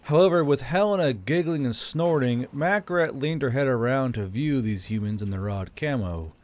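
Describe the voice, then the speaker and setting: A man narrating a war fantasy story in a steady, measured reading voice. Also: mid-range voice. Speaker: audiobook narrator.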